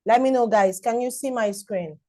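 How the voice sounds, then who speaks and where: A woman's voice: a little high, normal speed, a little mellow, no room sound, rough recording. Upbeat woman teaching a live class. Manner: enthusiastic, repetitive, greets viewers by name. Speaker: online class instructor. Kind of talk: live-streamed online class.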